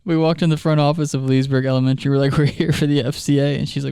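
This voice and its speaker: A youth ministry leader chatting casually on a podcast, telling stories and laughing often mid-sentence. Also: male voice, fairly high pitch, moderate pace, a little mellow, no echo, clean studio sound.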